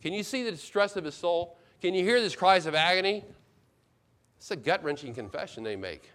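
With a high, expressive voice and a slightly fast pace, a male pastor retells a Bible story by paraphrasing its characters in his sermon. His delivery alternates from booming emphasis to soft, hushed remarks.

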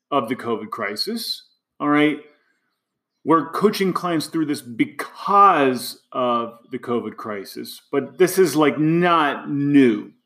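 A man coaching nonprofit leaders in a casual, conversational talk, often checking in with "right?" and "all right.". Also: fairly bright tone. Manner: slow, emphatic, pitch rising on key phrases.

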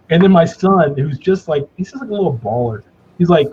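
A middle-aged man chatting casually as a guest, telling animated, self-mocking stories with lots of restarts. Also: a little high, normal speed, creaky, dull audio, a little hiss or hum. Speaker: cigar company guest. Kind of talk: casual storytelling chat.

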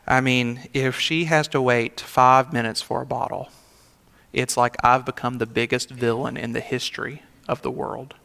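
A man's voice: medium pitch, level tone, moderate pace, vocal fry, pushed and bright, smooth. A young adult man, a senior pastor, preaching a sermon in a conversational, emphatic way with rhetorical asides. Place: church sanctuary. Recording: long hall reverb of a church sanctuary.

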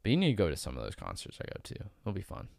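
A man's voice: low voice, wildly swooping pitch, very fast, gravelly, darkish tone, dry recording, studio quality. A young man hosting a podcast in casual chat, rambling with restarts and casual swearing. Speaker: podcast host.

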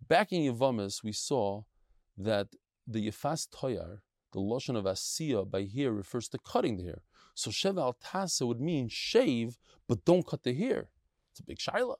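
A man giving a lively, chatty Talmud lesson, mixing Yiddish and Hebrew terms. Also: medium pitch, measured pace, no echo, clean studio sound. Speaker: Talmud teacher giving a daily daf shiur.

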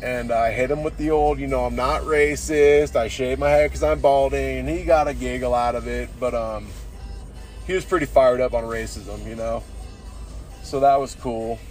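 A man's voice: medium pitch, steady tone, moderate pace, a little mellow, soft background music. A tipsy man hosting a casual, rambling podcast monologue, swearing freely and saying "dude" constantly. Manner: profane, says "dude" constantly. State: tipsy from drinking beers. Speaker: podcast host.

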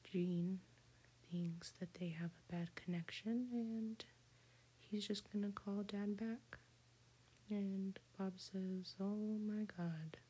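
A woman slowly retelling a cartoon story in a soft whispered role-play. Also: mid-range voice, steady tone. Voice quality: breathy whisper.

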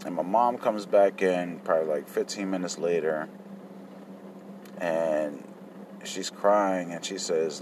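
A man's voice: low voice, slow pace, darkish tone, a little hiss or hum. A man telling his childhood story in a casual, profane, reflective way. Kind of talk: personal life story.

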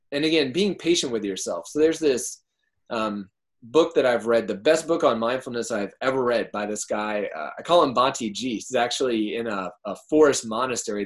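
Brief: male entrepreneur guest, animated and profane, average pitch. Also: normal speed. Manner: excitable, swears freely, animated with big pitch jumps. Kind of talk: casual interview chat.

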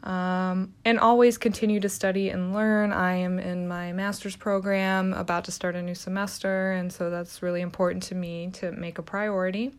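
A woman's voice: on the low side, level tone, moderate pace, hardly any pauses, smooth. A young adult woman, a nurse, talking in a casual vlog with a sassy, teasing, direct manner.

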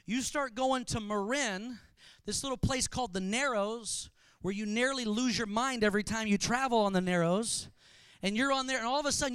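Pastor, male, high bright voice, smooth and crisp, dry close sound; animated, joking sermon delivery. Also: no room sound. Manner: animated storytelling with humor.

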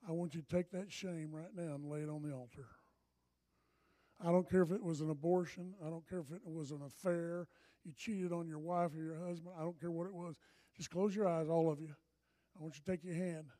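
A man preaching a sermon in an animated, impassioned way, often breaking into shouts. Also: fairly high pitch.

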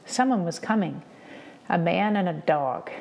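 Low, gravelly woman reading aloud. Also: lively intonation, measured pace, a little mellow. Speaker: reader. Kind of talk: reading a novel aloud for students.

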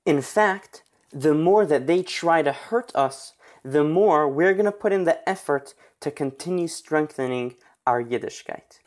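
A man narrating a religious history story in an earnest, steady retelling. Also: fairly high pitch, measured pace.

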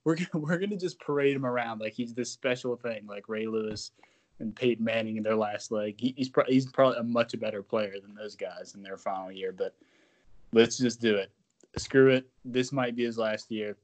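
A man co-hosting a sports podcast, talking in a joking, animated way and sometimes dropping to a whisper. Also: on the low side, brisk. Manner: animated, jokey, drops to a whisper at times. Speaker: podcast co-host. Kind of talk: casual sports podcast chat.

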